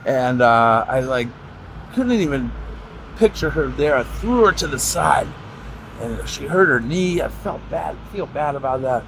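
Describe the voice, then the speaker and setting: A man's voice: medium pitch, a bit bright, slight background noise, rough recording. A man telling a long, candid personal story in a rambling vlog, swearing freely and acting out what people said. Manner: candid, profane, storytelling with reenacted quotes. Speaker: vlogger.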